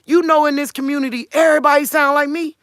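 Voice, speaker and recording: A woman's voice: sits high, fairly even intonation, quick pace, a bit bright, no room sound. A woman in her forties from Cleveland with a country Midwestern drawl, talking earnestly to her viewers in a casual monologue. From Cleveland, Ohio. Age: 40s. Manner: earnest, talks in a drawl, keeps asking "you get what I'm saying?". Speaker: vlogger.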